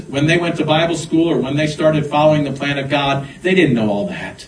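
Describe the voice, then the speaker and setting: A man preaching a sermon as pastor and leading a closing prayer. His preaching swells loud and high, then drops to a soft prayer. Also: brisk, few pauses. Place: church sanctuary. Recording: echoey room, picked up from a distance.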